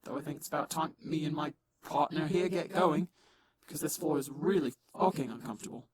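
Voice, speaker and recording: A man voicing a gruff, foul-mouthed injured male supervillain, hoarse, speaking through a voice changer, with crowd noise behind. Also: on the high side, a little fast. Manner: swears casually, blunt.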